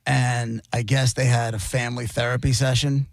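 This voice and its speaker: A man's voice: medium pitch, little pitch movement, normal speed, vocal fry, dry recording. A man co-hosting a radio show, chatting casually and reacting bluntly and emphatically. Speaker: radio co-host. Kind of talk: casual on-air chat. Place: radio studio.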